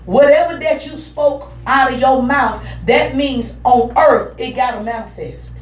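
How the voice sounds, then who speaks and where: A woman preacher delivering a loud, emphatic sermon that repeats its points, heard through an echoey hall. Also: high voice, measured pace. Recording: echoey hall, mic at a distance.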